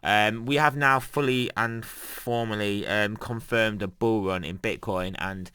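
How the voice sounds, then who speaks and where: Young male commentator, rambling chat, bright clear voice, dry close sound. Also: fairly low pitch, fairly even intonation, unhurried, no echo. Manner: rambling, many fillers and restarts, chuckles often. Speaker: crypto trading commentator. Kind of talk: casual market commentary.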